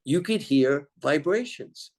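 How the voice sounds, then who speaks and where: A man telling spiritual stories in a meandering, animated way as a guest. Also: a little high, slow. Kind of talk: rambling spiritual storytelling.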